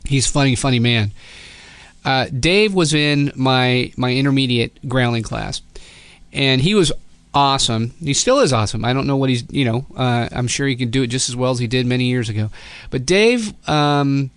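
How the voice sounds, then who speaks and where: A man's voice: medium pitch, moderate pace, smooth, no echo. A middle-aged man hosting a podcast, telling a casual, rambling story with many restarts and quoted voices. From Southern California. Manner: rambling, self-correcting, quotes people in lively voices. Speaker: podcast host.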